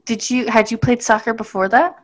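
Female podcast co-host, slightly high voice, dry sarcasm, giggly. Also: fairly quick, crowd noise. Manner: teasing, deadpan sarcasm, giggly. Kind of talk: casual chat.

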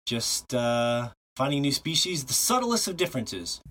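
Slightly husky man, playful podcast host. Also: medium pitch, big pitch swings, unhurried, fairly bright tone. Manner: playful, jokey asides. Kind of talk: casual podcast chat.

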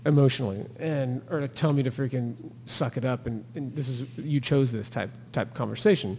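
A man's voice: mid-range voice, a little fast, in a large hall, a little hiss or hum. Man telling a trail story with feeling. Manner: animated storyteller who acts out quotes and laughs. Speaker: podcast guest, thru-hiker. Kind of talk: casual storytelling interview.

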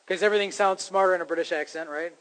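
A man's voice: high-pitched, fairly even intonation, rapid-fire, fairly bright tone, low-quality recording. A man preaching a sermon to his congregation, in a conversational style that rises to emphatic points. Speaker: pastor.

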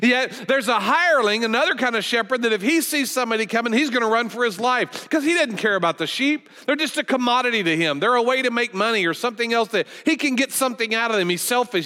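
A middle-aged man delivers a sermon in a folksy, animated style, stumbling and restarting as he talks. His voice sits high and bright. The sound carries a long reverb from a church hall. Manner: animated, folksy, conversational preaching with repeated restarts. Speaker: guest pastor. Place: church auditorium.

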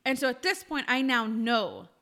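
Podcast co-host, woman, high and bright voice, animated storyteller who acts out dialogue. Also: normal speed, gravelly. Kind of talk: casual storytelling chat.

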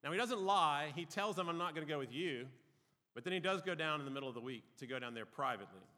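Man, fairly high bright voice, casual Bible teacher, long hall reverb. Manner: conversational, with frequent ums and uhs.

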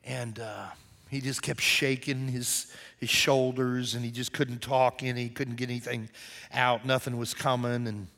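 A man's voice: mid-range voice, flat delivery, normal speed, creaky, fairly bright tone. A man preaching a sermon, telling a personal story in a conversational way that turns emphatic and earnest. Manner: conversational storyteller, grows emphatic and intense at the close. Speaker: pastor.

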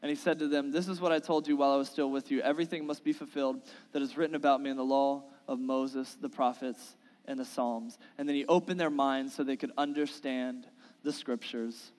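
A man's voice: mid-range voice, steady tone, fairly quick, darkish tone. A male pastor preaching a sermon, reading scripture aloud and pleading earnestly, his voice rising into impassioned appeals. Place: church sanctuary. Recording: long reverb of a large church hall.

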